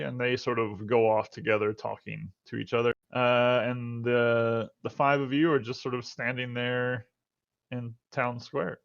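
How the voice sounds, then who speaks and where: A man's voice: mid-range voice, flat delivery, measured pace, creaky, no room sound, lo-fi sound. A man running a tabletop game as game master, answering players briefly and matter-of-factly. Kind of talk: narrating a tabletop game over voice chat.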